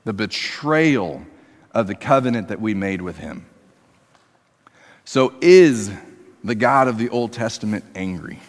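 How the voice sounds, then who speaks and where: A man preaching a sermon in a church, talking to the congregation conversationally and moving between emphatic raised passages and quiet, low ones. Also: lively intonation, measured pace, long pauses. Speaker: pastor. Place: church sanctuary. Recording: long reverb of a church hall.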